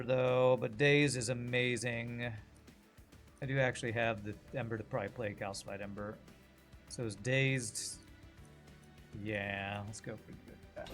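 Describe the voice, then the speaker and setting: In a mid-range, fairly bright voice, a game streamer casually narrates his play. He's chatty and jokey, bantering with his chat between moves.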